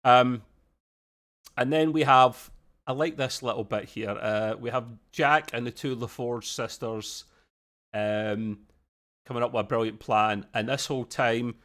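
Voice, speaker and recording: A man, hosting a casual TV review chat, chatty and quick to laugh. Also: mid-range voice. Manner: chatty, animated, laughs often, quick quoted voices. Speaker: podcast host reviewing a TV episode.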